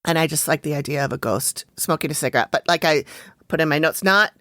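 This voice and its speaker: Low-voiced woman podcast co-host. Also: fast talker, a bit bright, no room sound, studio quality. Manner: easygoing, reads from notes, frequent "mm-hmm" agreement. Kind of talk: casual chat recapping a TV episode.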